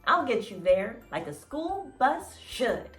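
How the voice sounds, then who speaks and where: A woman's voice: a little high, sing-song, slow, heavily acted. A woman doing a plucky little truck. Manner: bright, plucky and friendly. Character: brave cheerful little male toy truck. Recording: roomy sound, mic at a distance, faint music.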